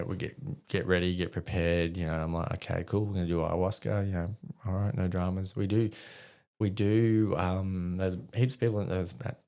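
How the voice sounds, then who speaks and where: Australian man, deep voice, gravelly, middle-aged, vivid storyteller, swears freely. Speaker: podcast guest, army veteran. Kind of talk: casual storytelling in conversation.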